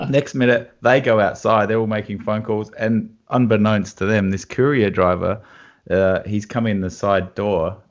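An Australian guitarist, appearing as a guest, tells animated stories and laughs through a casual chat. His voice is lowish and unhurried, and the recording has a dull lo-fi sound.

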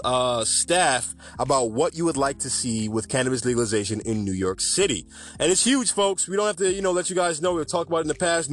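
A man hosting a podcast off the cuff, chatty and rambling, often correcting himself mid-sentence. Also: mid-range voice. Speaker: podcast host. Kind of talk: unscripted cannabis news podcast.

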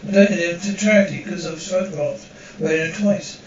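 A woman's voice: lowish voice, fast talker, slight background noise, natural voice. An actress playing a dramatic, fussy young woman who was once rich and is now broke, in a sitcom. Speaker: sitcom character, broke former socialite waitress. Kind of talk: sitcom acting. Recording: roomy, distant, dull TV soundtrack.

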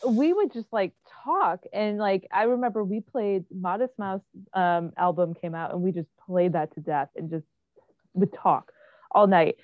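A woman's voice: mid-range voice, dry recording. A woman in her thirties, a podcast guest, chatting casually and fondly with an old friend, laughing easily. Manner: lively, nostalgic, quick to laugh. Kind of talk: casual chat. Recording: dull, dry sound.

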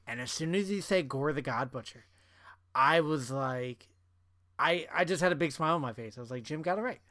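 A man's voice: on the high side, fairly quick, pushed and bright, dry recording, clean studio sound. A man co-hosting a podcast in casual chat, talking in a loose, chatty way full of fillers. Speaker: podcast co-host.

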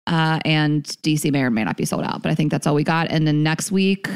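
A woman's voice: deep voice, fairly quick, clean tone. Laughing, candid podcast co-host woman. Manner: candid, laughs often, swears casually. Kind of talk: casual chat.

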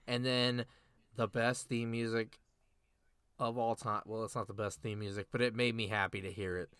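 A young man co-hosting a casual podcast, excitedly recapping a show with slang and laughter. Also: fairly low pitch, moderate pace, clear, resonant tone. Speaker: podcast co-host. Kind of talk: casual chat.

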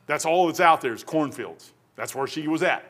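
A middle-aged preacher with a slightly high-set voice delivers a loose, conversational sermon. His talk is folksy and rambling, full of asides and stories before he comes back to scripture. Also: animated, normal speed, a bit bright. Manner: folksy, rambling, wanders off topic into anecdotes. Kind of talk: casual sermon.

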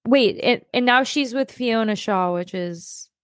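A woman's voice: on the high side, measured pace, no echo. Gushing woman co-host, dry sound. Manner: excitable, gushing, swears casually. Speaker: podcast co-host. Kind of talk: casual chat.

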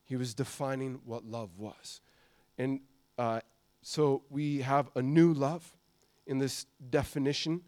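A middle-aged American man preaching a sermon, swinging from loud emphasis to soft, confiding passages. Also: mid-range voice, fairly even intonation, slow pace. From United States.

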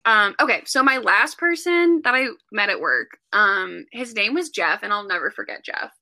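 A woman's voice: mid-range voice, animated, normal speed, pushed and bright, no echo, soft background music. A woman in her twenties, a podcast guest, telling a story in casual chat, full of "like" fillers. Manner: chatty, many "like" fillers.

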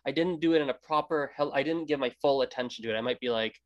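A Canadian podcast host with a medium-pitched voice talks fast and barely pauses during a casual interview. He rambles, restarts often, and acts out quoted greetings.

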